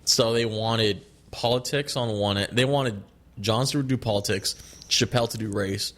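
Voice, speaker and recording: A man's voice: lowish voice, moderate pace, a bit bright. A man co-hosting a podcast in casual chat, rambling and profane, often laughing and restarting his sentences. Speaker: podcast co-host.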